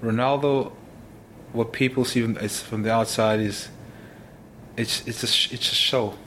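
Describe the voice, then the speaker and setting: A man, a former footballer, telling stories in an interview, animated and full of exclamations. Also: mid-range voice, a little slow, a little hiss or hum. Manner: animated, exclaims often, restarts sentences. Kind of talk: casual interview storytelling.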